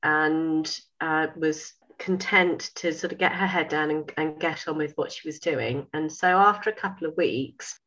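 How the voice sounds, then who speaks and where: A woman in her fifties, a sewing school owner, telling a story in a lively way, acting out dialogue and laughing. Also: low-pitched, a little slow, few pauses, muffled recording. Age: 50s. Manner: animated, laughing, acts out dialogue. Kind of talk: casual storytelling.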